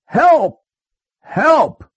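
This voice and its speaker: A man's voice: fairly high pitch, big pitch swings, extremely slow, darkish tone, husky, dull audio, exaggerated voice. A man doing a treacherous hungry wolf, storybook villain. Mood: desperate.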